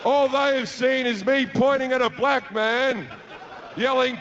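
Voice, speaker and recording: A man's voice: very high voice, steady tone, a little slow, a bit bright. A man with an Australian accent doing stand-up, telling a crude, profane story and acting out the people in it. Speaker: stand-up comedian. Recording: dull lo-fi live recording with noise.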